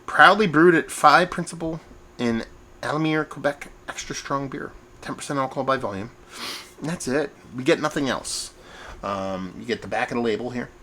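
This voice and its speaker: A man's voice: mid-range voice, normal speed, slight background noise. A man hosting his own beer review vlog at home, chatty and rambling, poking fun at himself. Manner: chatty, rambling, self-mocking, animated. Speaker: beer reviewer, show host. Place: at home, indoors.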